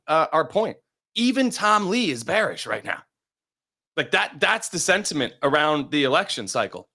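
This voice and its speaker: A male co-host with a bright voice that swings widely in pitch. He presses his points on the market with emphasis. The talk is fast-moving and casual. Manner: emphatic, lively. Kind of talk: casual chat.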